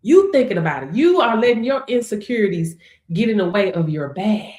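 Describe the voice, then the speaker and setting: A woman's voice: mid-range voice, expressive, moderate pace, mellow, roomy sound. A woman coaching her audience in a sassy, emphatic, casual way, laughing often and calling listeners baby. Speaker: business coach. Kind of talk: casual motivational talk to camera.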